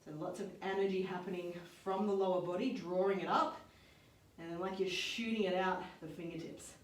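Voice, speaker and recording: A woman leading a yoga and strength workout, calmly cueing each move and breath. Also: on the low side, brisk, recorded from a distance. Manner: calm step-by-step cueing with breath counts. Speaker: fitness and yoga instructor. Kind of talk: guided workout instruction. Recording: roomy sound, voice off-mic.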